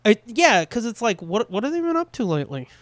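A man co-hosting a podcast, chatting casually with lots of swearing and quick voice impressions. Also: high voice, no echo. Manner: animated, swears a lot, mimics voices. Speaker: podcast co-host. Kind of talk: casual profane chat.

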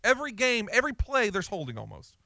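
A man hosting an afternoon sports talk radio show, excitable and blunt, taking calls. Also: sits high, quick pace, creaky, no echo, clean studio sound.

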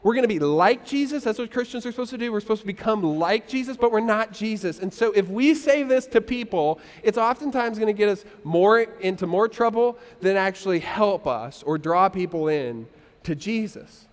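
Man, pastor, lively sermon, church hall, long echo. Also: sits high, normal speed. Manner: lively, leads the congregation in call-and-response.

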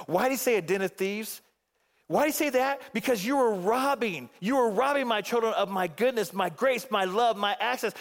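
A man with a notably high voice delivers an animated sermon, rising to emphatic peaks and dropping to hushed asides. His words ring out with a long reverb trailing through the sanctuary. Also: normal speed. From Phoenix area. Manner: animated preaching with wide swings between emphatic and hushed. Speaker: pastor.

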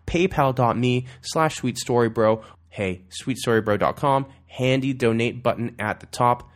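A man hosting a podcast, giving a loose, chummy outro full of plugs and asides, often calling listeners "man". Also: medium pitch. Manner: loose, rambling, self-correcting. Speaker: podcast host.

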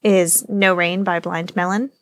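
A woman's voice: lowish voice, flat delivery, a little slow, dry recording. A woman co-hosting a podcast in casual chat, blunt and teasing with strong opinions. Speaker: podcast co-host.

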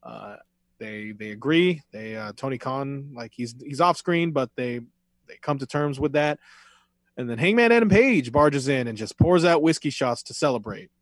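A man's voice: mid-range voice, lively intonation, normal speed, no room sound. Rambling casual podcast man. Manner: rambling, filler-heavy, swears casually. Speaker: podcast co-host recapping wrestling. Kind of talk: casual chat.

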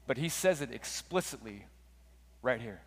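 Man, sermon, casual storytelling, mid pitch, long hall reverb. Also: lively intonation, normal speed, a bit bright. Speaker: preacher.

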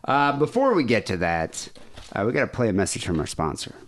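A man hosting a comedy podcast in casual banter, jumping between high excited bursts and low mutters. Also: brisk. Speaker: podcast host.

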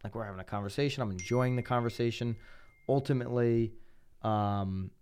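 A man with a Connecticut accent hosting a podcast in casual conversation, often mimicking other people in quick asides. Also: medium pitch, darkish tone, clean tone. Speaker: podcast host.

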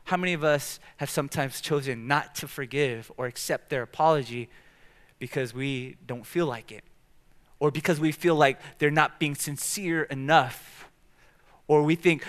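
A young man preaching a sermon as pastor, telling stories in an animated way in a church. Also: fairly high pitch. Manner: animated storytelling, acting out quoted outbursts. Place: church sanctuary.

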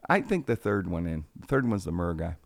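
Gravelly man telling stories. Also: sits low, brisk, dry recording. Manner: animated, acts out quotes in a raised voice. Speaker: radio personality. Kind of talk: casual podcast storytelling.

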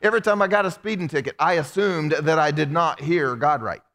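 A man preaching a sermon as pastor, animated and humorous, acting out quoted prayers in his telling. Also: on the high side, fairly quick. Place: church sanctuary. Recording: long hall reverb from the sanctuary.

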